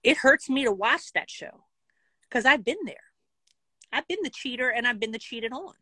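Woman, vlogger, blunt, profane, animated, dry close sound. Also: on the high side, normal speed, slightly rough, no echo. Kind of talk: casual storytime vlog.

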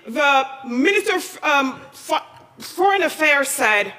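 A woman from Senegal giving a passionate conference talk, firing off challenging questions and rising to near-shouting. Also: high-pitched, sing-song, a little slow. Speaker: speaker at a conference. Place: large conference hall. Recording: long reverb of a large hall.

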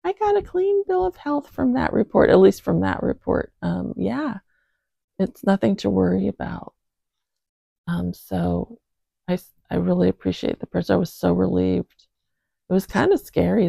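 A speaker with a husky morning voice, gently reading scripture and praying in a slow, reflective way. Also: medium pitch, no room sound, dull audio. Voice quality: gravelly, husky. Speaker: Bible reader and host.

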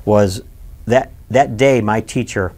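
A man in his sixties from Michigan, recalling his childhood in an oral history interview with animated, emphatic storytelling. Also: on the low side, slow pace. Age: 60s.

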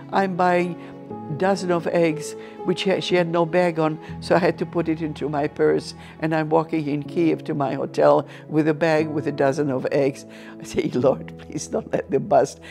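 Older Ukrainian woman, gravelly voice. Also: low-pitched. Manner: earnest, animated storyteller with frequent restarts. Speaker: interview guest. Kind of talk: personal testimony storytelling.

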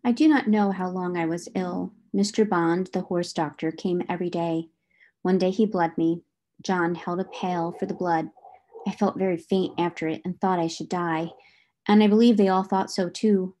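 A woman narrating a classic novel aloud in a calm, measured storytelling voice. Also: lowish voice. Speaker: audiobook reader.

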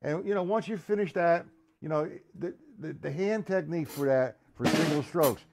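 A man teaching a live-streamed drum lesson, chatting with viewers by name in a halting, casual way. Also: fairly high pitch, vocal fry, background noise. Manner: halting, restarts and fillers. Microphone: computer or camera mic on a live stream.

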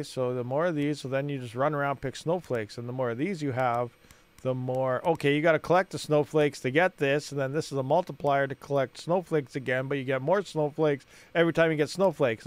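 A man's voice: on the high side, brisk. A man hosting a gaming channel, rambling and thinking aloud as he plays and talks to his viewers. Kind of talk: casual gameplay commentary.

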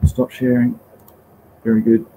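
A man's voice: medium pitch, monotone, unhurried, warm tone, a little hiss or hum, poor audio. A man with an Australian accent hosting a live stream and answering chat questions in a laid-back, rambling way, with slang and the odd swear word. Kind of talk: casual live Q&A.

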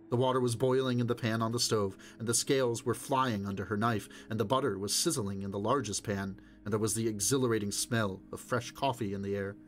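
Male audiobook narrator, steady and measured. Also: on the low side. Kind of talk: scripted narration of a novel.

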